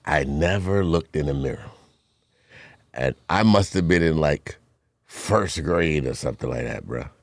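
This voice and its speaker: A man hosting a casual podcast chat, telling childhood stories in an animated way with squeaky impressions. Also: measured pace, gravelly, dry recording. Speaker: podcast host.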